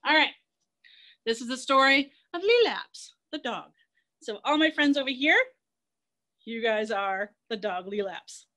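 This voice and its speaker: A woman zoo educator leading an online class for children, playful and energetic, telling a myth and getting the kids to run and chant along. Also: on the high side, measured pace, pauses often.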